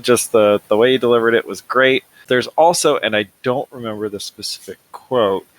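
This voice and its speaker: A man's voice: mid-range voice, moderate pace, low-quality recording. Hesitant male podcast guest. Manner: hesitant, many ums and restarts. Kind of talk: casual chat.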